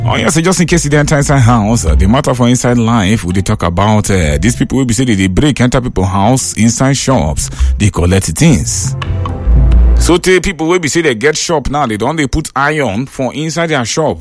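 Nigerian guy hosting call-in radio, bouncy up and down voice, faint music behind. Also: medium pitch. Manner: lively, laughing, teasing exclamations. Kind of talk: radio call-in chat in Pidgin.

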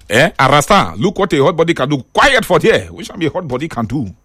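A man's voice: a little high, very animated, fast, few pauses, a bit bright, husky, no room sound, studio quality. A man with a Nigerian accent, preaching through Bible stories in a dramatic, playful, sing-song way. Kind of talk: animated Pidgin Bible storytelling.

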